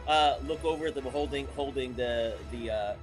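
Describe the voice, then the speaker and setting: A man's voice: medium pitch, normal speed, soft background music. Man thinking aloud at a game table. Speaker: player. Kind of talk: casual tabletop game talk.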